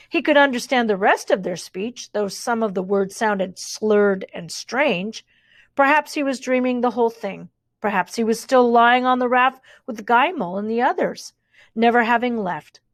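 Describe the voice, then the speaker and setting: Gentle woman narrating a storybook. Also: on the high side, dry recording, clean studio sound. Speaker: audiobook narrator. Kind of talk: audiobook narration.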